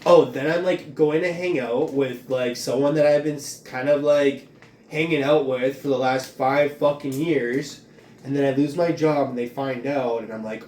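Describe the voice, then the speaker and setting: A man's voice: fairly high pitch, moderate pace, darkish tone, slight background noise. A man venting angrily about losing his job, rambling and swearing constantly. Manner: angry, rambling, heavy swearing. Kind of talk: profane venting monologue. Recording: echoey room from far off.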